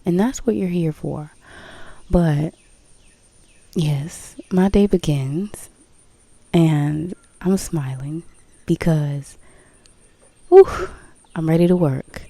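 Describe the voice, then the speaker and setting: A woman speaking slowly and candidly to her viewers about her spiritual path. Her voice is mellow and relaxed, and the sound is dry and close. She hammers points home by repeating phrases, with a swear word now and then. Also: low-pitched, creaky, no room sound. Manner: candid, emphatic, repeats phrases, laughs, swears, breaks into song. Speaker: spiritual vlogger. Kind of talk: casual spiritual talk to viewers.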